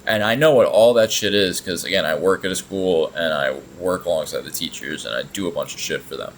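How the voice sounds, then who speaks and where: A man's voice: deep voice, fairly quick, a little hiss or hum, low-quality recording. A man hosting a reaction video, talking casually in a blunt, sarcastic way and swearing often.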